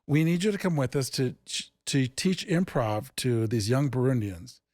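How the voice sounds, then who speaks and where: A man who founded an improv theatre, telling stories in a casual interview and acting out the dialogue with lively jumps in pitch. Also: moderate pace, no room sound, studio quality. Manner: animated, acts out quoted dialogue with big pitch jumps.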